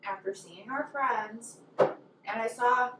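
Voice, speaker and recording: A woman's voice: a little high, takes it slowly, very noisy. Woman ranting playfully in an echoey room. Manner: animated, ranting with laughs. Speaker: girlfriend co-hosting a hot wing interview. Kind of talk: casual chat. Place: home room. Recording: echoey room, mic far off.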